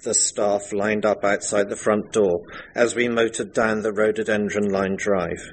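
A man narrating a comic parody in a dry, deadpan storytelling manner. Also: fairly low pitch, a little slow, slight background noise, poor audio.

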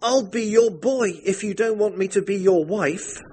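A gushing, high-voiced young bride. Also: male voice, moderate pace, warm tone, slightly rough. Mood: pleading. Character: breathless young bride pleading with her husband.

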